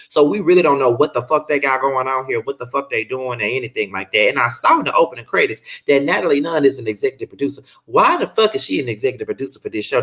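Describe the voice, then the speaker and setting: Exasperated, animated man reviewing TV. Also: fairly high pitch. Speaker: TV show reviewer. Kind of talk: casual commentary vlog.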